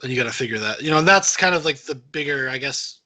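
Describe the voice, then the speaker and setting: A man's voice: medium pitch, lively intonation, quick pace, pushed and bright. A young man co-hosting a casual podcast chat, rambling with many fillers as he thinks aloud. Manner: rambling, filler-heavy musing. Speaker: podcast co-host.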